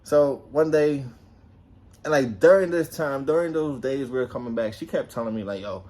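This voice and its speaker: At a moderate pace and medium pitch, a young man from New Jersey shares a personal anecdote. He keeps it casual and energetic, curses freely, and acts out dialogue in a raised voice.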